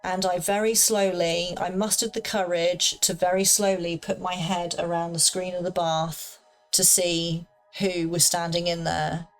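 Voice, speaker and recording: A woman's voice: lowish voice, level tone, unhurried, faint music behind. A young woman casually telling a personal story in a chatty, rambling way full of fillers. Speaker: paranormal storyteller.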